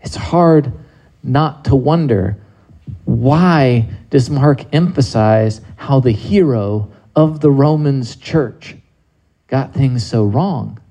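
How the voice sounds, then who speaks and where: Man, preacher, sermon, rhetorical questions, conversational, mellow tone. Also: mid-range voice, takes it slowly, dull audio.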